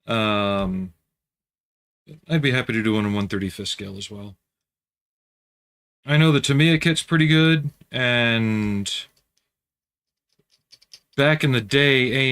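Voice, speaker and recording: A man hosting a casual livestream, chatting in a relaxed way and answering viewer comments while he works at home. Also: medium pitch. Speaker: livestream host building scale models.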